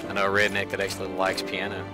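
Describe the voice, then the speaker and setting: A man's voice: sits low, completely flat delivery, fast. A man giving casual, joking commentary while playing a game, muttering offhand asides. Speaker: let's play gamer. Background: game music.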